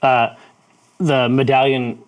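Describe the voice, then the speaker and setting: A man running a tabletop game, describing items in a measured way with small restarts. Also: medium pitch, flat delivery. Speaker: game master.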